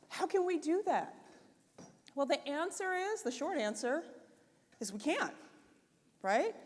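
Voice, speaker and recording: Woman, conference keynote, high-pitched, casual expressive delivery, long hall reverb. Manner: conversational and expressive, with frequent "right?" and "like". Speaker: conference speaker.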